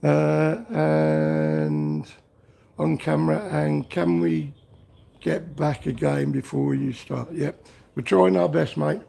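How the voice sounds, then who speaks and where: A man from Liverpool, England runs a garage-workshop livestream, reading chat aloud, joking around and bursting into song now and then. His slightly high voice is creaky and dark, with a sing-song lilt, and he takes things slowly.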